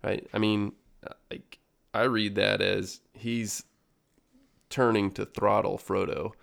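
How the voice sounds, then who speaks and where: A man's voice: lowish voice, flat delivery, slow, gravelly, a bit bright. A man co-hosting a podcast, reflecting on a book in a casual, hesitant way with many ums. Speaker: podcast co-host.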